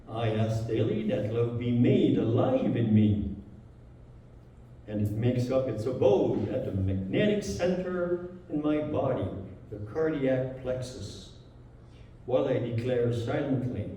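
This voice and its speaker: A man's voice: mid-range voice, mellow, slight background noise. A man with a French accent, a native French speaker, giving a spiritual talk in a church and reading quotes aloud with feeling. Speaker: guest speaker. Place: large church hall. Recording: echoey hall, speaker far from mic.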